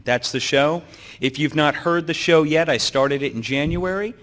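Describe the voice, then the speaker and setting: A middle-aged man speaks from a conference stage, his voice slightly rough from a sore throat. He clears his throat now and then and keeps a joking tone with the crowd. The sound carries a long reverb from the hall. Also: a little high, a little slow, fairly bright tone. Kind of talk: conference talk.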